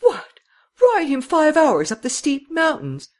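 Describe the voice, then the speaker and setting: A man voicing an anxious, tearful lady rider in a shrill, pleading tone for an audiobook. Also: sing-song, moderate pace, husky. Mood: distressed. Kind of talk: audiobook character reading.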